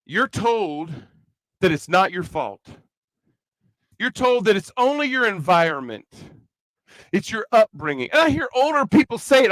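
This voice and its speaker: A man's voice: sits high, a little slow, long pauses, no echo, rough recording. A man with a Kentucky accent giving a chatty, joking sermon to a youth rally. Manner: chatty, joking, animated preaching. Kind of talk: conversational sermon with comic asides.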